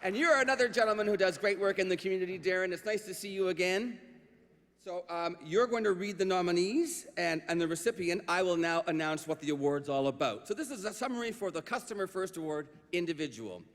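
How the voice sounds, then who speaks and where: A man's voice: sits high, fairly quick, fairly bright tone. A man hosting a live awards ceremony in a large event hall, playful and teasing as he introduces presenters on a podium microphone. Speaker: awards emcee. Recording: long reverb of a large hall.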